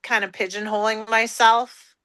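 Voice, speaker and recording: Woman, bright tense voice, fairly high, hesitant, many fillers, video call. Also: flat delivery, normal speed, dry recording. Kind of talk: casual conversation on a video call.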